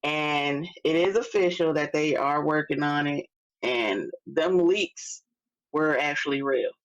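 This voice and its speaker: A woman, co-hosting a casual podcast chat, halting and full of fillers. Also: sits low, dry recording. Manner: relaxed, halting, lots of fillers. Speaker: podcast co-host. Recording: dull lo-fi sound.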